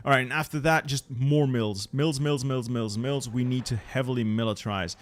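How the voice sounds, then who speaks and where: A man's voice: mid-range voice, steady tone, normal speed. A man giving casual commentary on his strategy game, chatting with viewers and muttering to himself as he plans. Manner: chatty, answers viewers, mutters repeated words. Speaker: gaming channel host.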